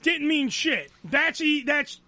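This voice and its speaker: A man hosting a radio show, telling an angry, profane story about being fired, loud and repetitive. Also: very high-pitched, expressive, slow, no room sound. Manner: angry, loud, swearing, repeats himself.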